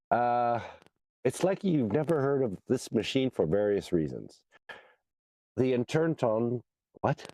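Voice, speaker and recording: A man under the weather with a hoarse, gravelly voice, reading a horoscope on a podcast in a halting way. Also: medium pitch, mellow, no echo. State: hoarse from a cold. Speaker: podcast guest co-host.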